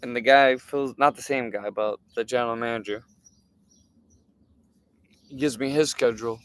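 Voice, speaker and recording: Young guy streaming, rambling animated story, cussing a lot, smooth clear voice. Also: medium pitch, moderate pace, dry recording. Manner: animated, swearing, lots of fillers. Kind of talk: casual storytelling.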